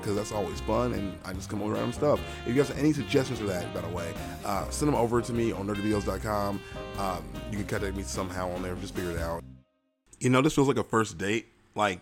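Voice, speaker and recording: A young man hosting a podcast alone, chatting in a loose, rambling way and poking fun at himself. His voice sits a little low and has a gravelly edge. Faint music plays behind him. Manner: rambling, self-mocking and playful. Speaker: podcast host. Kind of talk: casual solo podcast chat.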